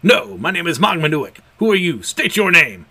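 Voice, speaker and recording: A grandiose, commanding deity barks demands with raised pitch and a loud push, as a man puts it on. The delivery is imperious and lively. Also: normal speed, breathy edge, heavily acted.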